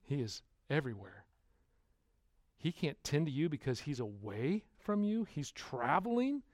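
A man preaching a sermon as pastor, putting rhetorical questions to the congregation and swinging from hushed to loud. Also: medium pitch, very animated, normal speed, dry recording.

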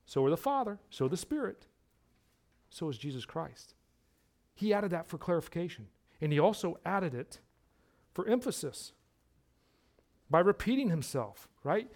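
High-voiced man preaching emphatically. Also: very animated, moderate pace, pauses often. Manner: emphatic preaching, repeats words for emphasis, swings between hushed and loud. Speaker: pastor. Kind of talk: sermon.

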